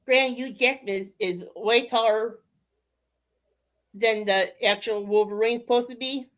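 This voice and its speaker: A woman's voice: a little high, steady tone, a little slow. Woman chiming in on movie chat. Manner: short interjections, blunt remarks. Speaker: podcast co-host. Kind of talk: casual chat about movies.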